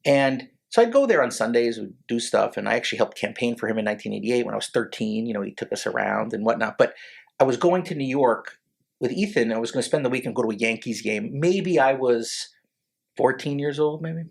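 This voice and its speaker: Gravelly, husky-voiced man telling stories. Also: medium pitch, animated. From Connecticut, USA. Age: 40s. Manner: halting, many restarts, emotional, choked up. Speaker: lawyer, podcast guest. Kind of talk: casual storytelling interview.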